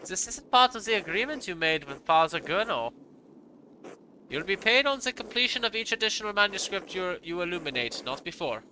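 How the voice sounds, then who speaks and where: A man's voice: high-pitched, sing-song, a little fast, bright, forceful tone, voice pushed up, heavily acted. A man voicing a stern, pious middle-aged male monk with a mock German accent, formal and stiffly polite, in a noisy home recording.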